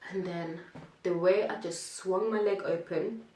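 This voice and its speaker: A young woman telling a lively, casual storytime, acting out what people said and laughing now and then. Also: on the low side, measured pace, reverberant, recorded from a distance, a little hiss or hum. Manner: animated, acts out quotes, laughs between lines. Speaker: vlogger telling her birth story.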